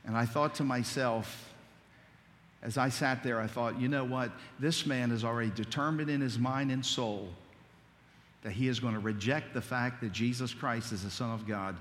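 A man's voice: mid-range voice, normal speed, fairly bright tone, slight background noise. Fervent preacher man in a reverberant hall. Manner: builds to fervent, rising litany. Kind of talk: sermon.

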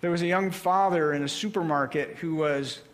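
A man preaching a sermon, with a slow, deliberate delivery and measured pauses. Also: a little high.

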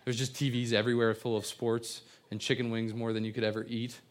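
A man's voice: medium pitch, flat delivery, a little fast. A man preaching an evening sermon, telling stories earnestly with frequent stammered restarts and repeated words. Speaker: pastor.

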